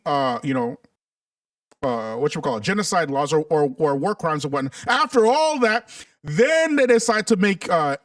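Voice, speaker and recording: A high-pitched man talks to his livestream viewers in a casual, emphatic way and calls them "family". He sounds a little back from the microphone in a dry, dead room. His tone is preachy and full of conviction. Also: dry recording, recorded from a distance. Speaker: livestream host.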